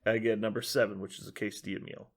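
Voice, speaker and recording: A man's voice: lowish voice, flat delivery, fast talker. Young man telling a casual story. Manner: profane, laughs while telling stories. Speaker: podcast host.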